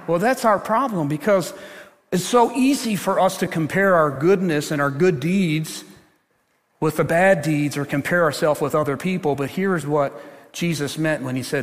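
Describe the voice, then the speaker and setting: A man's voice: on the high side, moderate pace. Older male pastor preaching in a reverberant hall. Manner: animated storytelling, swings from loud to hushed. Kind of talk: sermon. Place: large church. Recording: long church hall reverb.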